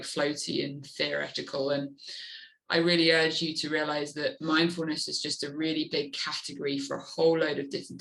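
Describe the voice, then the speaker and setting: A woman's voice: low-pitched, rough recording. A woman guest in an interview, speaking earnestly and openly about coping with pain. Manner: earnest, animated when acting out her inner voice. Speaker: guest, adventure motorcyclist. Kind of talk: candid interview talk.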